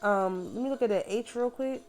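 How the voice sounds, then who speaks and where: Woman, somewhat high voice, spiritual teacher reading scripture aloud and stopping to explain it in plain asides. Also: a little mellow, faint music behind. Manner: reads slowly and rises for chanted passages, then breaks off to explain in casual asides.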